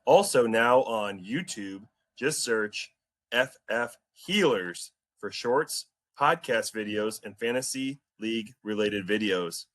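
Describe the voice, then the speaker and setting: A man's voice: lowish voice, slow pace. A man hosting a podcast, chatting casually and joking with his co-host. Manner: relaxed, jokey banter.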